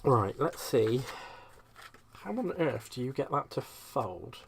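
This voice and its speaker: A man hosting a live craft stream from home, chatting easily while he cuts and folds. He is self-mocking and laughs often. His voice sits in a middle pitch, with faint background noise. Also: very animated, slow pace, gravelly.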